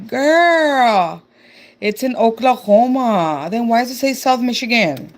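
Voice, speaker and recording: Texan woman, young, unhurried live-stream chatter, reads comments aloud. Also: fairly high pitch, animated. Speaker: livestreamer. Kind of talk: casual live-stream chat.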